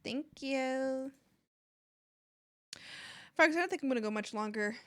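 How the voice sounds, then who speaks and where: A woman's voice: high-pitched, lively intonation, a little slow, a bit bright, clean tone. A young adult woman streaming while she draws, chatting casually and gushing, sometimes squealing or whispering. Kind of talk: casual chat while drawing.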